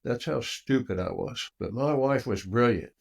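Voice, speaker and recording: An older man speaking at an ordinary middle pitch, recounting a personal story as an interview guest. He's an animated storyteller who acts out the dialogue with big swings in pitch and loudness. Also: normal speed, creaky.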